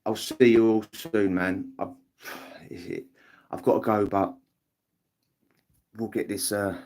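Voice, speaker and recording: A man's voice: lowish voice, steady tone, slow pace, darkish tone. Chatty British man on a livestream. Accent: British English. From England. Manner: chatty, rambling, swears freely, acts out quotes. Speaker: livestream host. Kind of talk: casual livestream chat.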